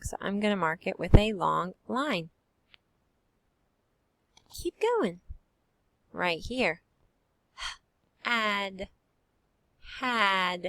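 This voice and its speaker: A woman's voice: medium pitch, gravelly, fairly bright tone, no echo. A woman teacher leading a phonics lesson for young children, drawing out each sound in a sing-song way.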